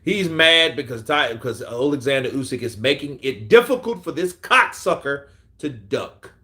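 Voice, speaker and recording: A man's voice: medium pitch, moderate pace. A man hosting a casual boxing livestream, reading chat aloud, swearing freely and laughing often. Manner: profane, animated, laughing often. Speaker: boxing channel host.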